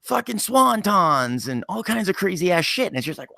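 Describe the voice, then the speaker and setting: A man's voice: high-pitched, very animated, normal speed, gravelly, pushed and bright, dry recording, studio quality. A man co-hosting a podcast in casual chat, swearing often and laughing as he mimics people. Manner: profane, laughing, mimics people in his stories. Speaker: podcast co-host.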